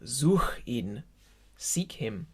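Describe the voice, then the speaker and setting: A man's voice: medium pitch, sing-song, drawn-out words, husky. A man leading an online choir rehearsal, explaining German pronunciation and musical phrasing and counting the singers in. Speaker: choir leader.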